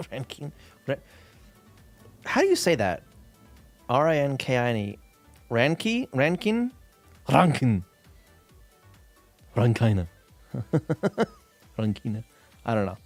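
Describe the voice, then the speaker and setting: A man's voice: medium pitch, big pitch swings, slow pace, long pauses, soft background music. A man streaming while he codes, chatting loosely with viewers, full of fillers and casual swearing. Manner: rambling, many fillers, swears casually, reads chat aloud. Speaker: streamer coding a game. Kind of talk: casual live-stream chat while coding.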